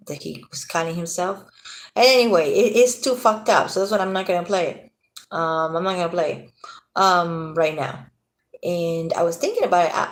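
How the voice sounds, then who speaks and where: A woman's voice: lowish voice, a bit bright. A tired woman ranting casually to her viewers in an agitated, rambling way, swearing freely. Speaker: vlogger. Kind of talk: casual rant to camera.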